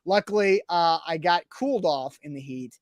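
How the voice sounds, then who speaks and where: Animated, high-voiced man telling a story. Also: normal speed, no echo, clean studio sound. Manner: animated storyteller, acts out his own reactions. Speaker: sports podcast co-host. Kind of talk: casual chat, storytelling.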